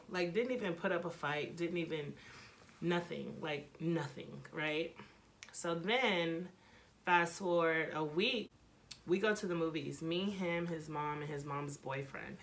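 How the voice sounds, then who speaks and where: Young woman, vlogger, storytime, animated, swearing a lot, slightly low voice. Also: slight background noise. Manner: animated, profane and dramatic storytelling. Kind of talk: storytime vlog.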